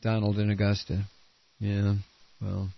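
A man hosts a political talk radio show, blunt and combative, rambling and restarting while congested and coughing into a studio microphone. His voice is lowish, monotone and creaky, with a measured pace. The broadcast sounds dull and lo-fi.

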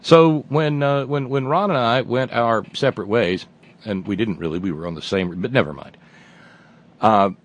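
A man's voice: mid-range voice, moderate pace. Rambling, wry middle-aged male host. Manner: rambling, self-interrupting, wry asides. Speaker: radio host. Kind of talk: casual monologue.

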